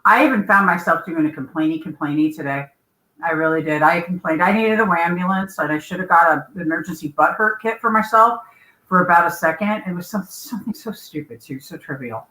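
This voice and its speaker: A woman's voice: lowish voice, a little fast, sharp tone, roomy sound, low-quality recording. A woman, the guest on a casual live-stream chat, talking bluntly and playfully and swearing casually.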